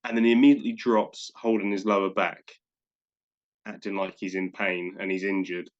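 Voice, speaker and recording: A man co-hosting a podcast in casual chat, enthusiastic and quick to act out little asides. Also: deep voice, flat delivery, dull audio. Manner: enthusiastic, talks in bursts with quick acted-out asides. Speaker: podcast co-host.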